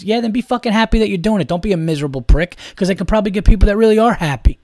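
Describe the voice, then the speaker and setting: A man's voice: high-pitched, very fast, hardly any pauses, darkish tone, no echo, clean studio sound. A man in his thirties hosting a solo podcast, ranting in a heated, profane, rambling way. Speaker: podcast host.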